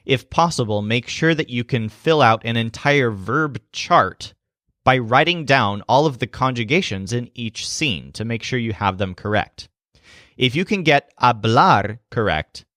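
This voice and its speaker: A man narrating a language lesson in a clear, explanatory way. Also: mid-range voice, fairly bright tone, no room sound, clean studio sound. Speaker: language teacher.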